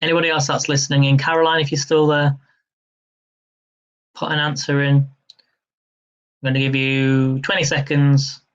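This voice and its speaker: A man's voice: mid-range voice, little pitch movement, moderate pace, long pauses, clean tone, highs cut off. A man hosting a live-stream quiz, chatty and upbeat, laughing easily as he reads questions and counts down. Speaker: quiz host.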